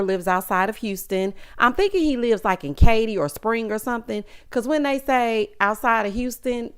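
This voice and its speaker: A woman's voice: medium pitch, clean tone. A woman with a Southern US accent, recapping a reality show in a sassy, chatty way with asides to her viewers. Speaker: recap vlogger.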